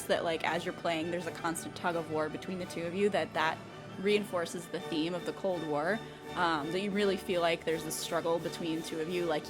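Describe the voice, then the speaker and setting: A woman co-hosting a board game review show in casual chat, playful, joking and chatty. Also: on the low side.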